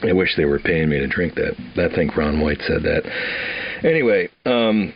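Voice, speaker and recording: A man's voice: low voice, animated, normal speed, muffled recording, a little hiss or hum. An older man from Wisconsin telling his life story in a rambling, laughing way, with plenty of restarts. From Wisconsin, USA. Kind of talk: casual storytelling.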